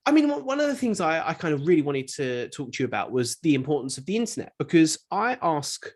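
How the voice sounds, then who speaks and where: A man's voice: a little high, very animated, fast talker. A man hosting a podcast interview, asking long, rambling questions with many repeated words. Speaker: podcast host. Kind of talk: casual interview chat.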